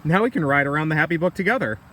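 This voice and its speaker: Guy putting on a chirpy upbeat camper kid from a picture book, high and sing-songy, mic kinda far off outside. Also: lively intonation, racing, pushed and bright. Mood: eager. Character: cheerful upbeat cartoonish camper boy. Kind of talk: children's picture book read aloud. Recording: distant outdoor recording with traffic.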